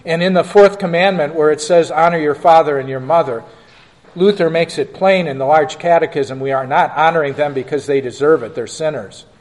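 A man's voice: fairly high pitch, brisk, in a large hall. A male pastor answering questions in a church class, emphatic and joking.

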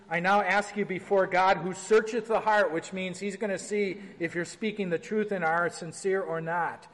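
High-voiced pastor teaching a class. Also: male voice, steady tone, normal speed, hardly any pauses, fairly bright tone, in a large hall, rough recording. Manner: conversational, reads formal liturgy aloud with emphasis. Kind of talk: informal church class lecture with liturgy reading.

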